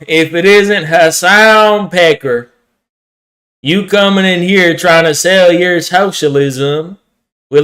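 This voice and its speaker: A man voicing a stubborn, drawling rural working-class man who talks slowly and dismissively. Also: high-pitched, fairly bright tone, pitched below the performer's own voice. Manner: folksy dismissive drawl, slow.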